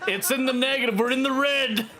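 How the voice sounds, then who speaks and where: A man streaming a game, giving loud, teasing, mock-dramatic commentary over voice chat. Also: very high voice, steady tone, a little fast, crowd noise.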